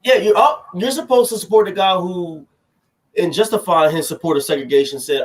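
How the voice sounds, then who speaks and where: A man's voice: sits high, a little fast. A young man co-hosting a podcast, ranting animatedly through heated political banter and cutting in with "hold on". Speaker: podcast co-host.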